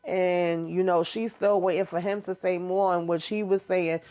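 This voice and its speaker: A woman's voice: fairly low pitch, steady tone, moderate pace, warm tone. A woman hosting a casual TV episode recap, chatty, swearing mildly and talking straight to her viewers. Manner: chatty retelling with frequent mild cursing; addresses viewers directly. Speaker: TV recap host.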